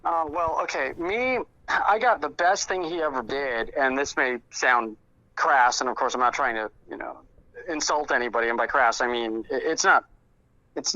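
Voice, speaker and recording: A man, a close friend of the subject, telling anecdotes in a lively conversational way and acting out quoted lines. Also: mid-range voice, no echo. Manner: animated, acts out quoted dialogue in raised voices. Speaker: guest, close friend recalling the deceased. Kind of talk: conversational storytelling. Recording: muffled lo-fi audio.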